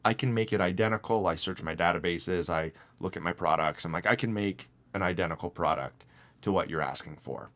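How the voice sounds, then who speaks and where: A young man co-hosting a casual podcast, telling a story in an animated way and mimicking the voices of the people in it. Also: deep voice, fairly quick. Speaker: podcast co-host.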